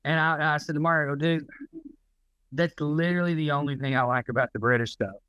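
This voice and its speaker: A man's voice: on the high side, brisk, pushed and bright, clean tone, no echo, highs cut off. A man co-hosting a podcast, ranting in casual, profane chat. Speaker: podcast co-host.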